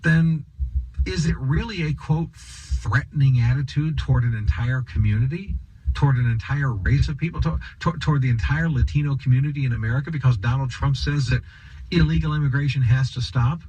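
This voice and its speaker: A man's voice: medium pitch, a little fast, a little mellow, slightly rough, poor audio. A man giving an opinion monologue as a political commentator, sarcastic and emphatic, firing off rhetorical questions.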